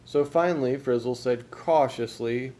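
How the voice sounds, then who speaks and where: Dad reading a storybook aloud, mellow. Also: male voice, mid-range voice. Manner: storytelling, pausing to ask the listener questions. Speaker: father. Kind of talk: reading a picture book aloud to children.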